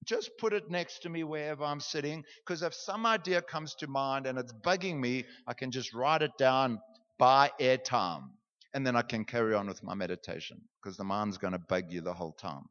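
A man's voice: medium pitch, moderate pace, fairly bright tone. A young man, a pastor leading a class through a guided meditation lesson in a joking, conversational way. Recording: dull, reverberant hall.

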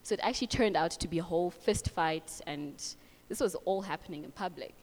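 Young woman from Africa, earnest testimony, lower voice, long reverb. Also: brisk, darkish tone. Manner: earnest, heartfelt, many fillers like "like" and "so". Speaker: speaker sharing a testimony. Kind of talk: casual Bible reflection and personal testimony.

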